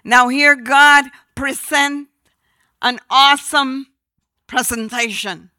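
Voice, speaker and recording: A woman preaching a sermon, slow and emphatic, sometimes dropping her voice almost to a whisper. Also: high voice, steady tone, pushed and bright, dry recording.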